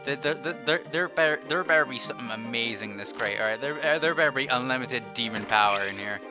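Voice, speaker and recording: A man doing let's play commentary, excitable and sarcastic, with loud outbursts and stammering restarts. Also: mid-range voice, quick pace. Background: game music.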